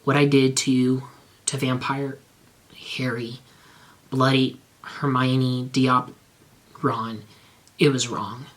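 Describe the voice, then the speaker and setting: A man reading fan fiction aloud, voicing a soft-spoken young gothic woman in a quieter, subdued tone. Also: mid-range voice, level tone, slow, pauses often, natural voice.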